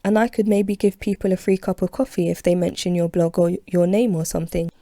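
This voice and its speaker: A woman's voice: medium pitch, fast talker, creaky, warm tone, no room sound, studio quality. A woman voicing a hopeful young cafe owner in a storybook reading, speaking enthusiastically. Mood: eager.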